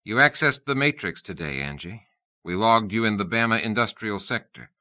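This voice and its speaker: A man's voice: lowish voice, animated, bright, forceful tone, no room sound. Man playing a careful, evasive executive. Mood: concerned. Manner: measured, evasive, solicitous. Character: concerned male corporate executive, careful and measured.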